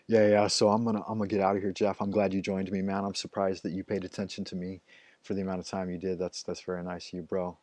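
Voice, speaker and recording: Deep-voiced and dark in tone, a middle-aged man hosts a live stream at a moderate pace and a level delivery, with no room sound. His storytelling wanders casually, peppered with swearing and fillers such as "like" and "you know."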